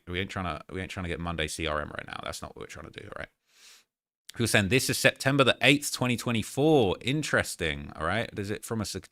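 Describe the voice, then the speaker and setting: A man's voice: lowish voice, a bit bright, no room sound, studio quality. A man hosting a live stream, giving casual, slangy commentary as he re-quotes lines from a clip he is playing.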